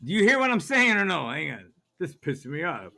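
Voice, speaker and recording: A man's voice: fairly high pitch, very animated, brisk, creaky, pushed and bright. A man vlogging in a grocery store, ranting in a conspiratorial way and asking "see how that works" over and over. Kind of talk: ranting shopping vlog.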